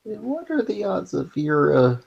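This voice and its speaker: Woman, tabletop player, formal wry delivery, gravelly, dull lo-fi sound. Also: mid-range voice, very animated, a little slow, a little mellow. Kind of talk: in-character tabletop play.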